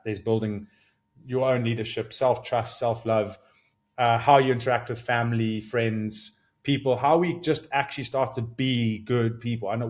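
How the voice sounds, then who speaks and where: With a medium-pitched voice, a man in his thirties hosts a solo reflective podcast, earnest and searching in tone. He gets animated, his voice climbing with excitement before settling. He often begins sentences again as he works out his thoughts.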